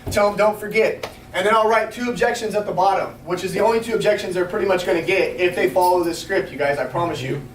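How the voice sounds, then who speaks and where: A high-voiced man rattles off quick, upbeat coaching to a group, keeps asking whether it makes sense. He is picked up from a distance in a roomy space with faint noise behind him. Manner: energetic, fast, coaching with repeated check-ins. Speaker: sales trainer. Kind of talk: training talk to a small group. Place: restaurant meeting room.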